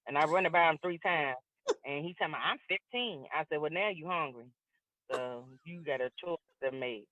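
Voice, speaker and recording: A woman's voice: low-pitched, normal speed. A middle-aged woman comedian tells stories to a live audience on a video call, acting out both sides of each exchange. Her voice comes through thin and tinny, like a phone line. The sound is dry and close, with no room echo. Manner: lively storyteller acting out both sides of dialogues. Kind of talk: stand-up comedy set over a video call.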